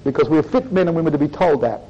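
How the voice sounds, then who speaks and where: A man preaching a sermon to a congregation, rising and falling in pitch and repeatedly calling out "brothers and sisters". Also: animated, quick pace. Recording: dull lo-fi recording.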